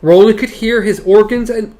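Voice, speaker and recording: A man with a fairly high voice reads chapter passages aloud in a casual podcast chat. He stumbles over words and breaks off to joke about the text. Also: steady tone, moderate pace, warm tone. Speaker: podcast co-host. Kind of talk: casual book discussion, reading passages aloud.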